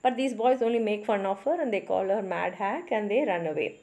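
A woman's voice: medium pitch, a little fast, mellow. A woman with an Indian English accent, a teacher summarizing a short story for exam students, explaining plainly and glossing words.

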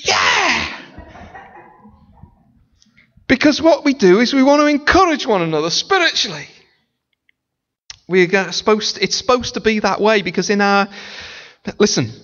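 Animated preacher in an echoing church. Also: male voice, high-pitched, normal speed, long pauses. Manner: animated, playful, breaks into sung snippets and mimicry. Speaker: pastor. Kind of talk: sermon. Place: church sanctuary. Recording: dull lo-fi sound in a large reverberant church hall.

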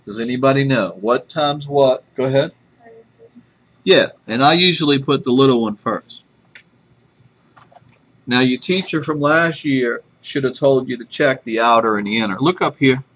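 A man's voice: medium pitch, moderate pace, a bit bright. A man teaching a math class, chatty and self-deprecating, telling a joke before getting to the lesson. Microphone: webcam. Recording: faint room noise from a webcam.

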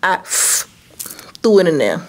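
A woman vlogger telling a personal story in an animated, dramatic way, speaking straight to her viewers and acting out what people said. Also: slow pace. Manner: acts out quotes with sudden high-pitched bursts. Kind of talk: storytime vlog.

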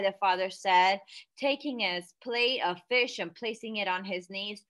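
A woman reading a children's storybook aloud in an expressive, lively way. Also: medium pitch, normal speed. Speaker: storybook reader.

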